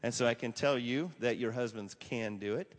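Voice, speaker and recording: A man in his forties, a pastor giving a casual, animated sermon with stories and lots of fillers. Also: medium pitch, moderate pace. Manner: animated, conversational, many fillers, acts out quotes. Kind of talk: casual sermon talk with storytelling. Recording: long hall reverb.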